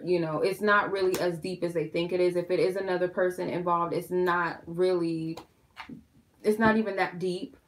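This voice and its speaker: A woman doing a casual tarot reading, chatting frankly and loosely straight to her viewers. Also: on the low side. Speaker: tarot reader.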